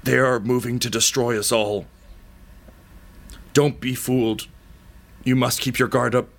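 A man's voice: medium pitch, fairly even intonation, measured pace, vocal fry, pitched above the performer's own voice. A man voicing a dying, massive, crude but loyal man who swears while gasping out urgent warnings. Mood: dying urgency.

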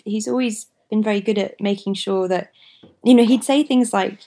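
A woman's voice: medium pitch, animated, moderate pace, warm tone. A woman in her twenties chatting as an interview guest, laughing often and hedging her words. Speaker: actress, guest. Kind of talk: casual interview chat.

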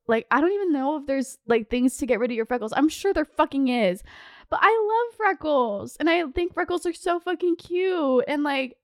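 Young woman, high voice, dry close sound, emotional casual rant, swears a lot, many fillers. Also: fairly quick, no room sound. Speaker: podcast host.

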